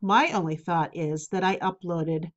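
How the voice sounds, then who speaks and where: A woman with a lowish voice speaks unhurriedly on a muffled recording. She hosts her own spiritual advice podcast and talks candidly in a rambling way, full of fillers, with a cough drop in her mouth.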